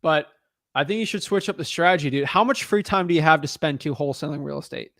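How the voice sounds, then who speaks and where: A man's voice: a little high, fast talker, gravelly, a bit bright, dry recording, studio quality. A man coaching a newcomer on a call, blunt and frank, calling him man and dude. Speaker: real estate wholesaling coach.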